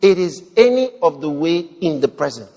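A high-pitched male preacher delivering an animated sermon. He shifts from loud cries to hushed murmurs and mimics people's prayers. His voice rings out with a long reverb tail. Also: moderate pace, highs cut off. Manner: animated, swings from shouting to low murmurs, acts out prayers.

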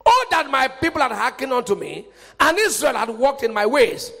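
A male pastor preaching a fervent sermon, jumping from loud shouts down to quiet asides. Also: very high voice, very animated, moderate pace, creaky. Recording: hall reverb.

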